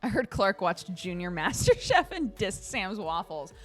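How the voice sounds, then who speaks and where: A woman streamer chatting casually with her viewers, telling stories in an animated way with lots of laughter and fillers. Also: mid-range voice, a little slow, soft background music.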